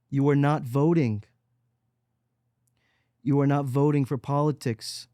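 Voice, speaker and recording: A man's voice: steady tone, takes it slowly, no echo. Preachy man ranting on a dry mic. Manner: swings from loud mockery to low, quiet intensity. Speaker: podcast host. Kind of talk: solo podcast monologue.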